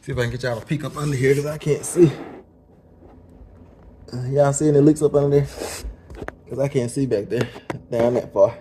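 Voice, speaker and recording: A man's voice: medium pitch, steady tone, fairly quick, long pauses, dark tone, a little hiss or hum. A man with a Southern US accent, casually vlogging from his kitchen at home as a father, chuckling and repeating words as he talks. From Mississippi, US.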